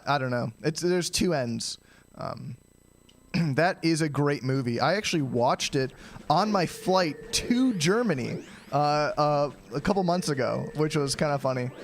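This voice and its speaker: A young man narrates his own live stream in loose, rambling chatter, pausing often to clear his throat. His voice sits a touch higher than most men's. Faint game music plays beneath him. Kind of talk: casual live-stream commentary.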